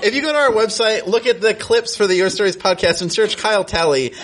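A man's voice: high-pitched, fast, a bit bright. A man hosting a live comedy show, chatty and amused as he introduces and follows up performers. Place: live venue with audience. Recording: live room with crowd noise.

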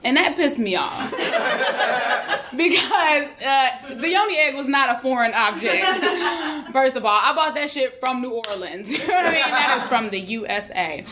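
Woman, stand-up comic, high-pitched, brash, swears freely, laughs at own jokes, noisy live recording. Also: expressive, measured pace. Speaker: stand-up comedian. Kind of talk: stand-up comedy set.

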